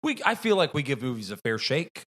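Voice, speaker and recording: Brief: male podcast co-host, mid pitch, animated storyteller. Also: a little fast. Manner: animated storyteller, acts out voices. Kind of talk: casual movie review chat.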